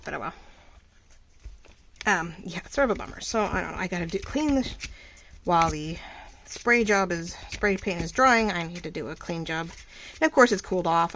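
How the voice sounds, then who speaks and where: Woman, slightly low voice, casual crafting chat, rambling and thinking aloud, faint background hiss. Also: a bit bright, rough recording. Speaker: craft vlogger.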